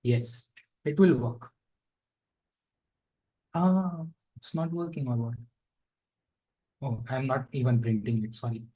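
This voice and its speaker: A man's voice: mid-range voice, takes it slowly, long pauses, mellow, low-quality recording. A man giving a casual live coding lesson, thinking aloud with fillers and asides. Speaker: programming instructor.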